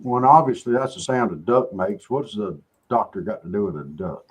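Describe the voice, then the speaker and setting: A man's voice: lowish voice, expressive, normal speed, slightly rough, low-quality recording. A man hosting a casual chat show, joking in a folksy, drawling way. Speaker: show host.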